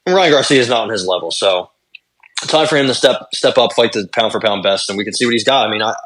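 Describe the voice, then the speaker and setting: A young adult man co-hosting a podcast, recapping fights in casual chat, talking fast and swearing. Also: lowish voice, fairly bright tone, a little hiss or hum. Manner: rapid, swearing fight recaps with lots of fillers. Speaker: podcast co-host.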